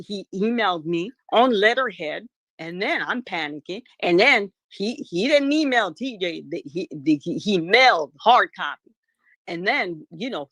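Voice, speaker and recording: Woman, interview guest, emphatic storyteller, animated pitch, dry sound. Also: no echo. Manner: emphatic, acts out quoted dialogue. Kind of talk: storytelling in casual talk.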